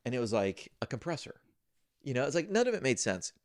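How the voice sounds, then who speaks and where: A man's voice: mid-range voice, big pitch swings, fast, a little mellow, no room sound, clean studio sound. A man co-hosting a casual chat, telling rambling stories full of fillers. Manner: rambling storyteller, many fillers. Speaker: co-host.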